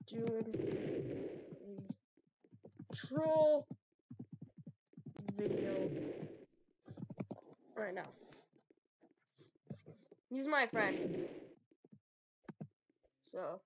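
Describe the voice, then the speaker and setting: A giggly, excitable woman narrates her own game as she trolls other players, with plenty of teasing and trash talk. Her voice sits a little high for a woman. The recording carries a clear layer of noise and clicks behind her. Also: extremely slow, pauses often. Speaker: gaming video creator. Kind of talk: playful game commentary.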